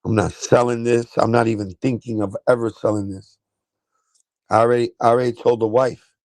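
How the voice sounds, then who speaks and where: Profane, excitable New York man. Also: mid-range voice, a little fast, no echo, low-quality recording. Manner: excitable, profane, laughing banter. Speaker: sneaker livestream host. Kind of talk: casual livestream chat.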